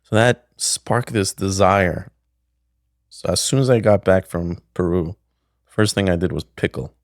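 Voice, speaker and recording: A man's voice: low-pitched, unhurried, dry recording. A middle-aged man, a podcast guest, telling a story casually, rambling, with many restarts, on a close studio mic. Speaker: podcast guest, pickle maker.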